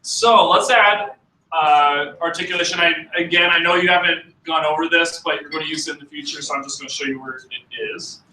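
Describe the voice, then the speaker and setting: A man's voice: on the high side, steady tone, pushed and bright, echoey room, distant mic, slight background noise, poor audio. A man teaching a music class to students, talking casually with fillers and false starts. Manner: casual, halting, with many fillers. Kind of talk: classroom demonstration.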